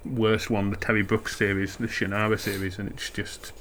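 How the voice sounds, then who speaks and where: A man's voice: fairly low pitch, level tone, moderate pace, fairly bright tone. A man with a Yorkshire accent talking hesitantly in a casual podcast chat, with many fillers. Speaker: podcast guest. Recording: faint background noise.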